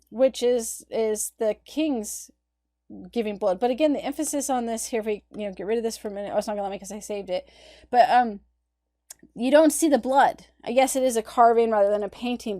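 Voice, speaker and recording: With a fairly high, warm voice, a woman teaching art history talks through images on her slides. It's a recorded lecture, conversational in manner.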